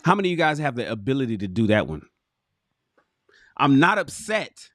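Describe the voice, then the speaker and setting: A man hosting a casual livestream, reading a relationship book aloud and commenting to his viewers in an animated, swearing, buddy-to-buddy manner. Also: medium pitch, very fast, no room sound, clean studio sound. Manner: animated, swearing, addresses viewers as fellas and bro. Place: home.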